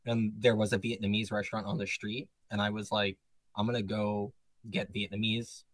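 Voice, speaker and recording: A man, a band member, chatting casually in an interview, animated, laughing often and jumping up high on exclamations. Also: normal speed, no echo, poor audio.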